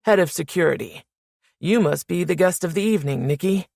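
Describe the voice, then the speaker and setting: A woman's voice: lowish voice, animated, brisk, vocal fry, darkish tone, no echo, studio quality. A woman doing a cocky wisecracking security chief. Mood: breezy. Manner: teasing, showy, puts on a mock English accent. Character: cocky joking young man, head of security.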